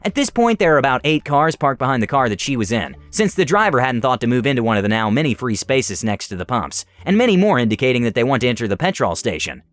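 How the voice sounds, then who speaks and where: A man narrating online stories in an animated, scripted way. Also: mid-range voice, quick pace, few pauses, dry recording, faint music behind. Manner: animated storytelling.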